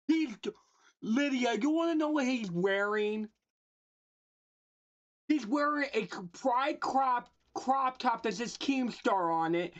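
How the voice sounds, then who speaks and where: Woman streamer, slightly high voice, unhurried playful roasts. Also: dull audio. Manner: teasing, mock-insulting, laughing at own jokes; talks to chat and a friend off-mic. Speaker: livestreamer. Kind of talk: casual livestream roasting.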